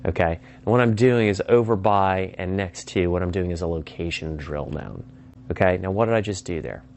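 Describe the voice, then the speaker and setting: A man with a fairly low voice explains sales persuasion in a relaxed teaching style. He keeps breaking off to act out sample phone calls, switching voices for each side. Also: moderate pace, creaky, a little hiss or hum. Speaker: sales trainer. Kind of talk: instructional talk.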